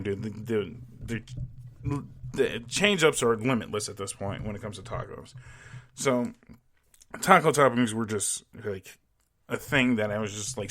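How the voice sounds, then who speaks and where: Recorded on a home podcast mic, a young solo podcast host rants with profane emphasis, laughing along the way. His voice leans low and a bit bright.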